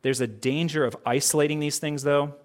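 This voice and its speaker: A pastor with a higher-pitched voice preaches a little fast and with fairly even intonation, keeping his sermon casual and conversational. He asks plenty of rhetorical questions and acts out bits of quoted dialogue.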